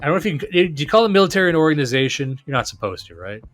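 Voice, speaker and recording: A man's voice: a little high, very animated, rapid-fire, fairly bright tone. A man hosting a podcast, talking casually and enthusiastically, often restarting and repeating words. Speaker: podcast host.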